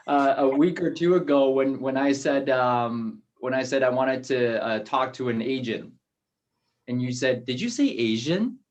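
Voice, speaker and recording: A man hosting an interview on a video call, chatty and relaxed, with plenty of ums and restarts. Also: medium pitch, a little slow, dull audio. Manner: relaxed, many fillers and restarts. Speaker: host. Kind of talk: casual interview.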